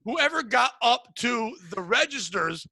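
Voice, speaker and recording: A young adult man, a podcast co-host, telling a crude comedic story, animated and acting out the people in it. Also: extremely high pitch, unhurried, a loud crowd. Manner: crude, animated, acts out voices in anecdotes.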